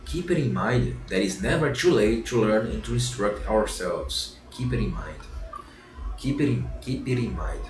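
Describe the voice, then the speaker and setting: A man's voice: fairly low pitch, lively intonation, normal speed, a little hiss or hum, close to an everyday voice. A man voicing a kind but stern fairy who acts as a mother, solemnly repeating her lessons in a storybook reading. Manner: solemn, repeats lines over. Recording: roomy echo, distant mic, faint music.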